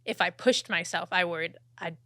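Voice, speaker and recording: A young woman hosting a podcast, chatting casually and laughing between phrases, her voice trailing off softly. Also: on the low side, moderate pace, no room sound, clean studio sound. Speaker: podcast host. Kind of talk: casual interview talk.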